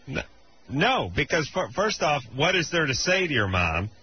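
A man's voice: a little high, big pitch swings, normal speed, slight background noise. A man hosting a late-night radio call-in advice show, talking bluntly with crude, wisecracking humor. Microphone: studio broadcast mic. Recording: dull broadcast radio sound.

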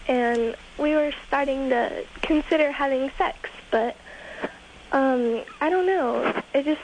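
A woman's voice: high voice, a little hiss or hum, low-quality recording. A fifteen-year-old girl calling in to a radio show, speaking hesitantly and earnestly. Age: teens. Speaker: caller. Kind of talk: phone-in call.

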